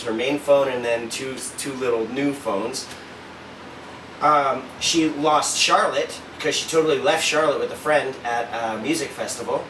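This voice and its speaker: A man telling a story about his wife, cursing freely and acting out what each person said in a lively, animated way. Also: medium pitch. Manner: animated, profane, acts out quoted dialogue. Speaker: father and husband. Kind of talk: casual storytelling. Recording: roomy echo, distant mic, faint noise.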